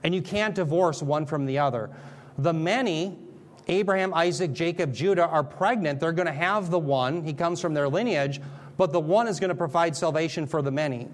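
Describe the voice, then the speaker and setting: A man delivers a teaching sermon with a somewhat higher-than-average voice. He explains each point patiently and casually, dropping in light jokes and frequent checks that the listeners are following. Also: moderate pace. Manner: conversational, jokey asides, checks in with "Okay?". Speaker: Bible teacher.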